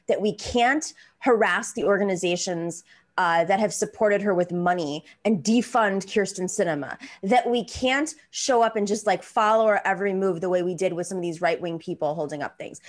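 A woman hosting a political talk show, talking in an animated, rambling and self-deprecating way. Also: mid-range voice.

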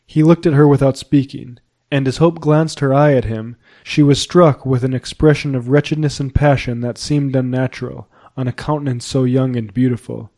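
A man narrating a period novel as an audiobook reader, in a measured, even storytelling manner. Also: medium pitch.

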